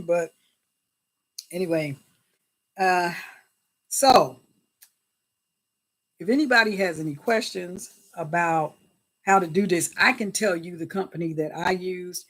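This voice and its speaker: A woman's voice: on the low side, slow pace, long pauses. Chatty woman hosting a livestream. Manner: chatty, animated, greets viewers in chat; often invokes God and Jesus. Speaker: livestream host. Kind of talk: casual livestream chat.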